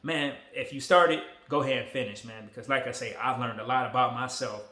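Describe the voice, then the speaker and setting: A man in his forties talking casually to a phone camera, relaxed, emotional and motivational. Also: medium pitch, brisk, roomy sound. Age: 40s. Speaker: vlogger.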